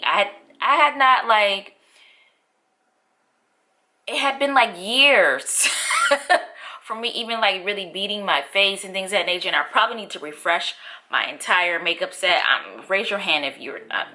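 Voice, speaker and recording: A chatty woman in her thirties talking to her viewers in a casual vlog. Her voice is bright and forward, and she laughs often as she catches them up on her life. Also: medium pitch, expressive, measured pace. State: out of breath. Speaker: vlogger. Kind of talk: casual chat to camera.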